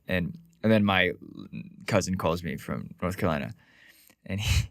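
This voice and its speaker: A man co-hosting a podcast, telling stories in a casual, animated way, with quick asides and lots of "like". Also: deep voice, vocal fry, no room sound, clean studio sound. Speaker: podcast co-host.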